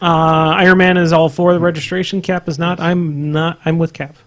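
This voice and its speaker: A man's voice: a little high, flat delivery, moderate pace, a bit bright. Chatty man on a gaming podcast. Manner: laid-back, laughs often, restarts mid-sentence. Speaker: podcast co-host reading listener questions. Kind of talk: casual gaming podcast chat.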